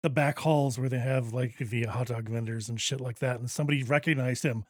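A man's voice: mid-range voice, steady tone, a little fast, no echo, studio quality. Laid-back man telling a story. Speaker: podcast co-host. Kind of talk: casual anecdote.

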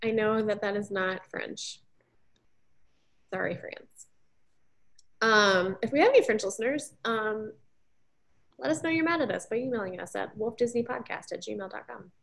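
A woman's voice: on the high side, lively intonation, normal speed, gravelly, pauses often, a bit bright. A young woman co-hosting a podcast, a former teacher, chatting casually with lots of ums and likes and frequent giggles. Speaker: podcast co-host. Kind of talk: casual chat, retelling research.

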